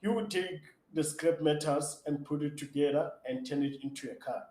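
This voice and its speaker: Guy telling stories all fired up, voice a bit high, echoey room. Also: normal speed. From South Africa. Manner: eager, excitable storyteller with many fillers and restarts. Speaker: startup founder, interview guest. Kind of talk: conversational interview answers.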